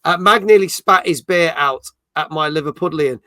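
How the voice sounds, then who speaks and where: Fairly high in pitch and moving at a moderate pace, this man's bright, pushed voice carries a casual live-stream chat. He's a middle-aged podcast host on a gaming stream, chatty and jokey as he reads viewer comments aloud. Clean studio audio, no room sound.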